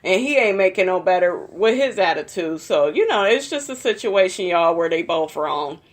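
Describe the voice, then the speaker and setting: A woman's voice: fairly low pitch, animated, moderate pace. Gossipy, foul-mouthed woman recapping reality TV. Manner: profane, gossipy, addresses viewers as y'all. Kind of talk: casual episode recap.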